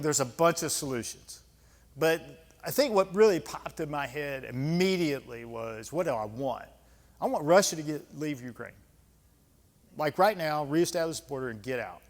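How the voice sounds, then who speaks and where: A man in his fifties from the United States, a retired senior Army leader giving a lecture and answering audience questions in a blunt, conversational, emphatic way with folksy asides. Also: on the high side. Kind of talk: candid lecture Q&A storytelling. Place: club lecture hall. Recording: long hall reverb.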